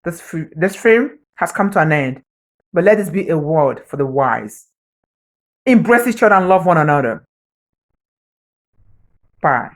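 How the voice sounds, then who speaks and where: Speaking a little slowly with long pauses, a woman vlogger uses a low, expressive voice for an emotional spoken appeal. Like a preacher, she pleads, repeats phrases for emphasis, and says her heart is broken.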